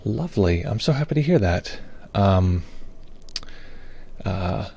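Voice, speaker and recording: A man's voice: low-pitched, lively intonation, takes it slowly, darkish tone, slightly rough. A man hosting a meditation live stream, chatting casually, greeting viewers and reading their comments aloud, with many fillers. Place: home or studio in Brooklyn.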